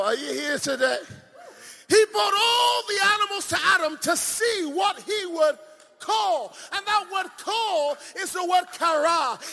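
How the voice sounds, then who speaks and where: A male preacher delivering a sermon with emphatic swings between shouting and hushed asides, often asking the congregation questions. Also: extremely high pitch. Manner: playful, asks the crowd questions. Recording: long reverb of a large hall.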